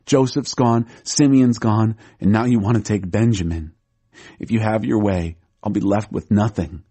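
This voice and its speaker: A man's voice: fairly low pitch, moderate pace, warm tone, breathy edge. A man reading as a grieving old father. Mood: sorrowful. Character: grieving aged father, weary and stubborn.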